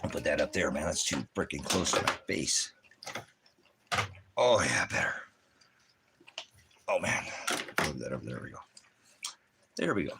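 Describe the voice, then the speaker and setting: A man's voice: extremely low pitch, sing-song, a little slow, creaky, long pauses, noisy background. A man casually chatting to his dogs, affectionate and goofy, slipping into baby talk. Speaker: dog owner.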